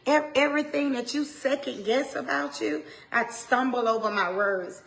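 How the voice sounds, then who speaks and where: A woman minister with an Atlanta accent, preaching in a heartfelt talk that swings from hushed tones to loud exhortation, with Southern turns of phrase and repeated lines. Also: sits high, normal speed, gravelly. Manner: impassioned, swings from hushed to shouting.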